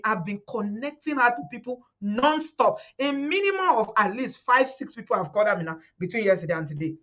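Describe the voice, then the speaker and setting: A middle-aged woman with a Nigerian accent speaks fervently to her live-stream audience, voice pitched a little high. She often repeats words and quotes others as she talks. The audio is slightly muffled. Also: sing-song, fairly quick, a bit bright. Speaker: host of a live community stream. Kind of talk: emotional live-stream talk to viewers.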